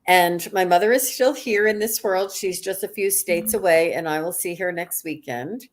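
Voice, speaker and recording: Low-voiced woman telling a chatty story. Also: normal speed. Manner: chatty, many fillers and restarts. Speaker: guest psychic. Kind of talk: casual storytelling on a live stream.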